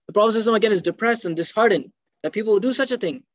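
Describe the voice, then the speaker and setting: A man with a high voice tells a religious story at a quick clip, acting out each quoted line. The recording is dull and lo-fi, with a dry, close sound and no room echo. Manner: animated storyteller, acts out quoted speech. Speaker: religious teacher. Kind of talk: storytelling lecture.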